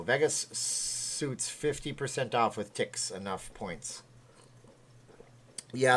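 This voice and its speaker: A man's voice: lowish voice, a bit bright. A man from Canada hosting a casual livestream, tired and chatting in a rambling, joking way. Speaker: livestream host.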